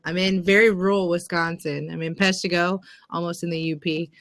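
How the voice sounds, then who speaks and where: A woman's voice: fairly low pitch, little pitch movement, brisk, a bit bright, dry recording. Friendly Southern woman on a video call. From Georgia, US. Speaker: senior project manager. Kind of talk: casual self-introduction.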